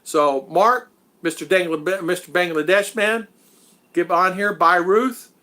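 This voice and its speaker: A man's voice: sits high, measured pace, pushed and bright. A man hosting a casual live stream, rambling and chuckling, with many fillers.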